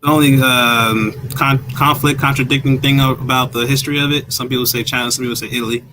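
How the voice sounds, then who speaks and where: A man with a New York accent, a violinist guest chatting casually in an interview, animated and laughing often, with many "like" fillers. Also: mid-range voice, quick pace, noisy background. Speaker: guest, violinist and music producer.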